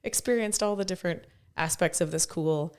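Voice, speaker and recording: Hoarse woman co-hosting a podcast. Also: on the low side, brisk. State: hoarse, recovering from lost voice. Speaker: podcast co-host. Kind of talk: casual podcast chat.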